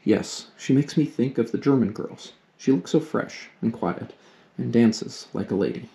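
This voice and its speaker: A man voicing a polite, good-humored teenage boy while reading a storybook aloud, close to his own low voice. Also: a little slow, creaky, dark tone. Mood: pleasant. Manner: polite and pleasant.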